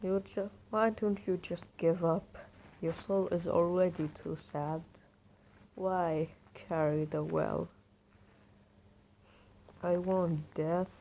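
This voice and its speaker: A vulgar young male death god read out by a woman in a homemade fan story. His low voice drags along, slow and gravelly, and he sneers and threatens everyone around him. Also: mellow, slight background noise, rough recording. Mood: sneering.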